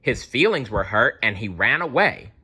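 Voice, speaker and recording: A man's voice: mid-range voice, very animated, moderate pace, pushed and bright, slightly rough, heavily acted. A man reading aloud and voicing a pompous, bumbling male detective in a grand, self-important manner.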